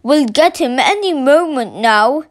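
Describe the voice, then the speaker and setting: A woman voicing a fat, furious farmer in a storybook reading, with loud, gruff shouting. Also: sits high, expressive, measured pace. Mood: gloating.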